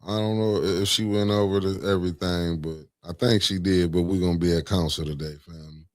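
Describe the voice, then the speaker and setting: Deep-voiced man hosting a live stream. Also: steady tone, fairly quick, no echo. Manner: greets viewers by name, calls them family and beloved; talks while fiddling with sharing the stream. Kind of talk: casual live-stream chat.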